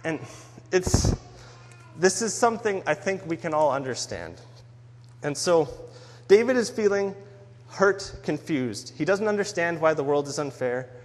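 A man's voice: on the high side, lively intonation, unhurried, long pauses. A man giving a sermon on a psalm in an earnest, conversational way. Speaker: preacher. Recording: long hall reverb.

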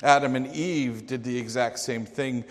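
A man's voice: mid-range voice, moderate pace, long reverb tail. A man preaching a sermon in a storytelling manner.

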